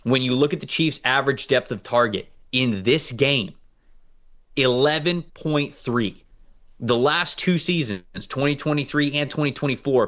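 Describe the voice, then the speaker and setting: Male co-host, middle voice, casual stat-heavy sports chat. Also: mid-range voice. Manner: reads out stats, animated and joking. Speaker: co-host, football analyst.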